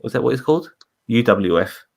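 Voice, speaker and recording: A man's voice: medium pitch, expressive, a little fast, vocal fry. A man hosting a casual review chat over a video call, rambling, swearing and correcting himself as he goes. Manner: rambling, profane, self-correcting. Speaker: podcast host.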